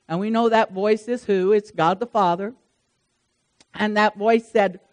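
A woman preacher giving a sermon to a congregation, talking in a lively, conversational way with repeated phrases and touches of humor. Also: mid-range voice, unhurried.

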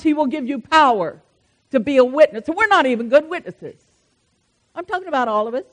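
A woman pastor preaches in a high, ringing voice. She moves fervently between loud declarations and hushed asides, speaking directly to her congregation. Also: expressive, fairly quick. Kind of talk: sermon.

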